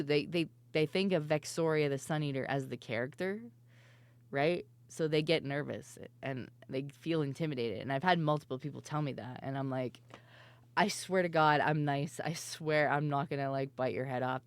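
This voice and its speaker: A woman streamer telling stories in casual chat, her voice worn and hoarse, laughing often and swearing freely. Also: sits low, normal speed, dry recording. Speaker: VTuber streamer.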